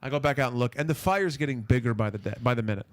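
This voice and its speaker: A man's voice: mid-range voice, rapid-fire. A man hosting a podcast, telling a long rambling anecdote with profanity and restarts. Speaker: podcast host. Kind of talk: casual storytelling on a podcast.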